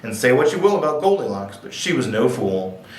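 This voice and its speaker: A man's voice: medium pitch, big pitch swings, a little fast, a little mellow. A man reading picture books aloud at a library, with playful, jokey asides. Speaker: library storyteller. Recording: echoey room, distant mic.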